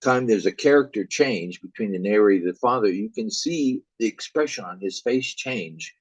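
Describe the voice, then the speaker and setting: Man, music instructor, video lecture, husky voice, hesitant, lots of fillers. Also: lowish voice, lively intonation, moderate pace, no echo, lo-fi sound.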